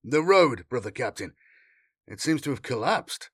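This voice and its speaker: A man's voice: medium pitch, sing-song, unhurried, breathy edge, no echo, studio quality. A man voicing a stern, commanding sergeant who barks orders, in an audiobook reading. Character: stern male armored sergeant, commanding and quick-tempered. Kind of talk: audiobook character voice.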